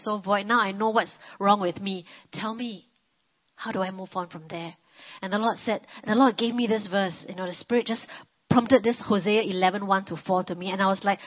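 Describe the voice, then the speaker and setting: Middle-aged female preacher, earnest testimony, mid pitch, tinny narrowband recording. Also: slightly rough. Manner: earnest, storytelling, frequent fillers and restarts. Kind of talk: personal testimony sermon. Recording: tinny phone-like sound.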